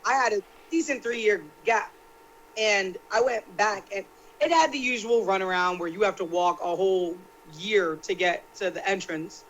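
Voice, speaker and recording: A woman's voice: mid-range voice, normal speed, slight background noise, low-quality recording. Chatty woman on a fan panel. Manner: animated, chatty, complains with slang. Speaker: panel guest. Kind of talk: casual chat.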